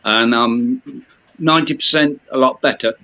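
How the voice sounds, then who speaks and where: A man's voice: medium pitch, moderate pace, bright, forceful tone. A man chatting casually on a video-call livestream, rambling and filling his talk with "you know". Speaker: guest on a video-chat livestream. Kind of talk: casual chat. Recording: dull lo-fi call audio.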